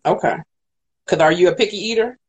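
A woman's voice: lowish voice, a little fast, darkish tone, slightly rough. A woman in casual chat, teasing and probing with questions and frequent laughs.

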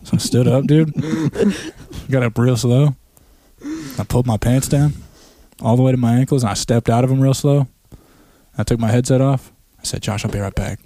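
Young dude on a podcast mic, dry close sound, acts out every quote, swears a lot. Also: male voice, medium pitch, normal speed, no echo. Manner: animated storyteller, acts out quotes, heavy swearing. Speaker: podcast co-host. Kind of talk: casual chat.

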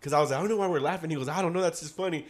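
A man's voice: fairly high pitch, rapid-fire. A teenage man telling a story in casual chat among friends, swearing and laughing as he talks. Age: teens.

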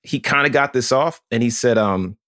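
A man co-hosting a podcast in casual chat, animated and profane, acting out quotes in put-on voices. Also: medium pitch, normal speed, no room sound, studio quality. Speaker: podcast co-host.

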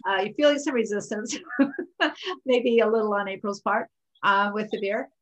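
A woman coaching in a casual conversation, calm and reassuring as she gives advice. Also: mid-range voice, moderate pace, lo-fi sound.

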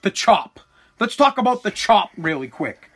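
A man's voice: high voice, very animated, normal speed, fairly bright tone, breathy edge. A man hosting a podcast, ranting heatedly with profanity and frequent restarts. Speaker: podcast host. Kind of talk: ranting political commentary.

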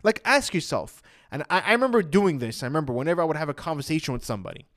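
Man, anxiety coach, casual chatty talk, fairly high voice, animated pitch. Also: rapid-fire. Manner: chatty, retells his own past thoughts with lots of "I'm like".

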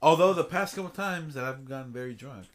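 A man's voice: mid-range voice, a little fast. A young man chatting casually as a podcast co-host, joking crudely. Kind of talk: casual chat.

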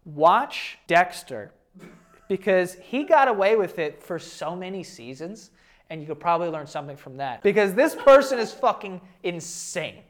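A man's voice: high voice, very animated, normal speed. Young man, host, comedic reaction, brash, profane, laughs often. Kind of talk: comedic reaction to online posts.

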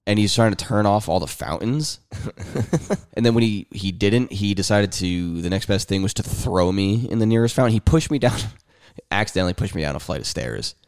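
A man's voice: lowish voice, normal speed, a little mellow, clean tone, dry recording, clean studio sound. A young man co-hosting a podcast, rambling through stories with lots of swearing, and acting out other people's lines. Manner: rambling storyteller, swears freely, acts out quotes. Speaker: podcast co-host. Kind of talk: casual chat. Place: room at home. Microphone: headset.

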